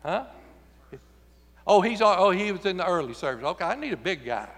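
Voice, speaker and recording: A man's voice: high voice, sing-song, moderate pace, a bit bright, in a large hall. A man preaching a sermon in a church, folksy and joking, acting out voices when he quotes people. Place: church sanctuary.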